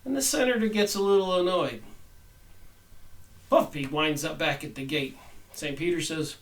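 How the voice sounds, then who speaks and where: A man's voice: a little high, normal speed, pauses often, far from the mic, low-quality recording. Rambling man reading aloud. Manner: conversational, rambling asides. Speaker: channel host reviewing a book.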